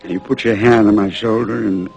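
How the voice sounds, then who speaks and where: An actor in his sixties playing a worn-out, proud old salesman who rambles, pleads and bursts into shouting. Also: fairly low pitch, steady tone, normal speed, creaky, soft background music, rough recording. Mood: dazed. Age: 60s. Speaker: aging traveling salesman. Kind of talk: film drama acting.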